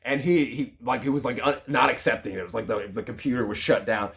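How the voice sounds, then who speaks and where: Man, thirties, mid-pitched, casual storyteller, lively and conversational. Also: fast. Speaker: sales leader.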